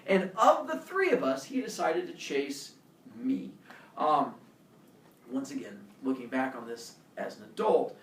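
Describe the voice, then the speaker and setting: A male teacher telling a personal story to his class in a lively way, acting out scenes with shouts and voices. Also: mid-range voice, a little slow. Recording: echoey room, mic far off.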